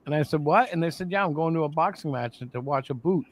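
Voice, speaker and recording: A man's voice: on the high side, fast talker, no room sound. A man in casual chat who tells teasing, joking stories.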